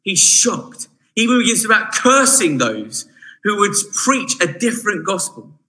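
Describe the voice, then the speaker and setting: A man preaching a sermon in a chatty, animated way, often turning to the listeners with asides. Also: high-pitched, measured pace, rough recording.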